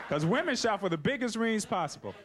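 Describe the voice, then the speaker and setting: A man's voice: high voice, big pitch swings, fast, crowd noise. A young man doing a laid-back stand-up comedy routine on stage. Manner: laid-back, keeps saying "you know, man". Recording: noisy live recording.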